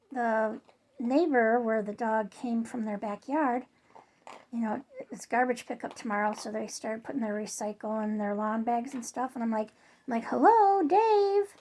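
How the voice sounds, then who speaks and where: A woman's voice: fairly high pitch, fairly even intonation, unhurried, darkish tone. A woman casually telling a story to her viewers in a chatty, rambling way, full of fillers and restarts. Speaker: vlogger.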